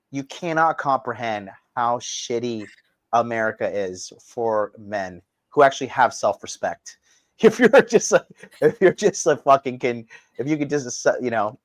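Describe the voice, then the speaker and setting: A man hosting a live stream, ranting crudely and mockingly, his voice swinging from loud outbursts to low mutters. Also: no room sound. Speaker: livestream host. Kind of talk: crude provocative livestream rant.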